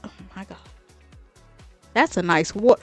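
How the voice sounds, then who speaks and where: A woman's voice: mid-range voice, lively intonation, measured pace, soft background music. A woman hosting a reaction video, talking chattily and emphatically, repeating "okay?" and calling her viewers "baby". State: tearing up. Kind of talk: casual reaction commentary.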